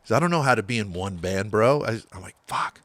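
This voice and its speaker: Animated, foul-mouthed middle-aged male storyteller. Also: lowish voice, quick pace, dry recording. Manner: animated storyteller, swears a lot, acts out quotes. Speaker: guest. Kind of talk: casual interview storytelling.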